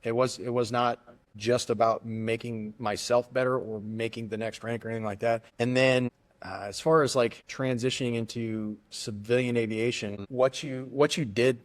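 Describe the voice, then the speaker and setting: A man's voice: mid-range voice, steady tone. A middle-aged man, a retired army aviator, talking casually and earnestly in an interview, often restarting his sentences. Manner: earnest, halting with many restarts. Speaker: guest, retired army aviator turned airline pilot.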